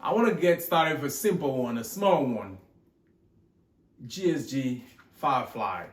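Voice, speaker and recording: A man's voice: medium pitch, lively intonation, measured pace. A man hosting a gun collection vlog in a rambling, joking way, putting on a mixed Texan and Australian accent. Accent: put-on mixed Texan and Australian. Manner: rambling, joking, loses count. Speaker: gun channel host. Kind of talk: casual show-and-tell vlog. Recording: echoey room.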